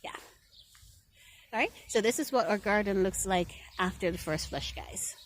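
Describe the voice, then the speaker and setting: A woman filming a casual walkthrough of her rose garden, talking straight to her viewers and gushing with excitement over each plant. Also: medium pitch, normal speed. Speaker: garden vlogger. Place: outdoor garden.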